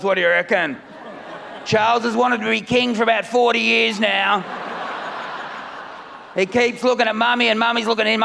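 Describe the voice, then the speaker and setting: A middle-aged man from Melbourne with an Australian accent, doing a loud, rambling, self-mocking stand-up routine on a festival stage. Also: extremely high pitch, vocal fry, big-room sound, a little hiss or hum. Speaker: stand-up comedian. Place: comedy festival stage with live audience.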